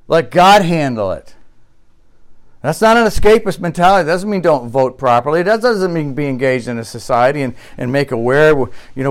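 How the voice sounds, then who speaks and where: Male pastor, sermon delivery, smooth resonant voice sitting a touch high, emphatic rhetorical questions. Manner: preaching with rising intensity, rhetorical questions.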